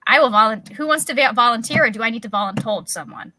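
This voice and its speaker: A woman's voice: on the high side, fast talker, bright, forceful tone. A woman hosting a livestream in casual chat, talking over a video call, chatty and laughing often. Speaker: livestream host.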